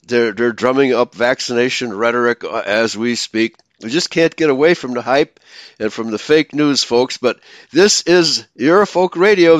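A man's voice: on the high side, dry recording. Dry-voiced male radio host, rambling. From Germany. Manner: rambling, with many fillers and tag questions. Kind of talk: casual radio talk.

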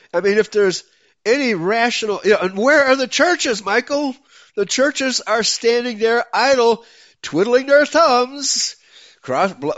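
A man hosting a talk show, speaking in an excitable, emphatic way and often breaking into laughter. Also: high-pitched, no room sound. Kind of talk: casual talk show conversation. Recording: dull lo-fi dry sound.

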